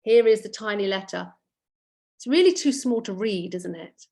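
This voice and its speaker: A middle-aged woman, a children's author, reading her book aloud to schoolchildren in a lively, playful, encouraging way over a computer microphone. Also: mid-range voice, moderate pace, vocal fry.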